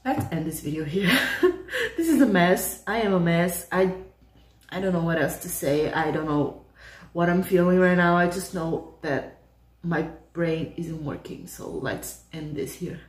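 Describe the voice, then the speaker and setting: A woman hosting a K-pop reaction video, gushing with excitable, breathless exclamations as she reacts. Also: on the low side, moderate pace, roomy sound. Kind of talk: casual reaction commentary. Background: faint music from the clip.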